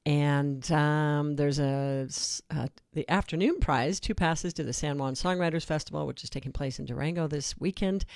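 A man hosting a public radio fund drive in relaxed, conversational talk from a studio. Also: on the high side, moderate pace, vocal fry, few pauses, dry recording. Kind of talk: on-air fund drive chat.

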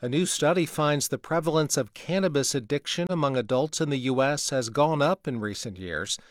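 A man's voice: on the high side, normal speed, no room sound. Male newscaster, dry studio read. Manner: crisp, even newsreading. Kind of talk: national news bulletin.

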